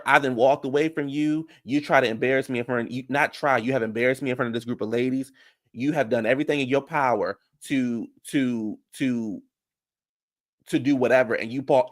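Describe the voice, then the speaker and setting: Man, mid-range voice, casual chatty recap, animated and profane, pops into high falsetto for quotes. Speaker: reality TV commentator.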